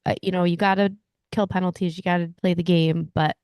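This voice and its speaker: A woman's voice: lowish voice, flat delivery, brisk, a little mellow, clean tone, dry recording, studio quality. A woman co-hosting a podcast, chatting casually in a wry, guarded, matter-of-fact way. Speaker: podcast co-host. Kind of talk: casual chat.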